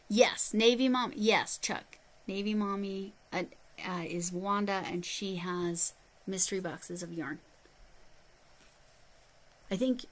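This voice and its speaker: A woman's voice: fairly low pitch, poor audio. Chatty woman hosting a yarn livestream. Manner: chatty, reads viewer comments aloud, handles yarn while talking. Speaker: livestream host. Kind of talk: casual livestream chat.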